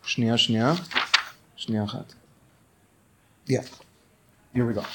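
A man teaching a religious law class who reads quoted texts in quick bursts, then explains them slowly and earnestly, often urging listeners to pay attention. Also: medium pitch, little pitch movement. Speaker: Torah teacher.

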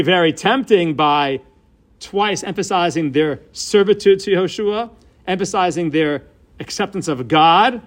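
A man teaching a Bible passage in a lesson, animated, slowing down to stress key words and mixing in Hebrew terms. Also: high voice. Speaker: Torah teacher. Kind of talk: text-based Bible lesson.

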